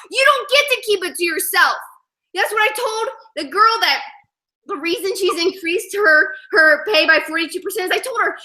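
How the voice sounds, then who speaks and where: Woman, 30s, motivational speaker, bright high voice, energetic, conversational. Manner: energetic, repeats "you know what I mean". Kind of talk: live motivational talk to an audience.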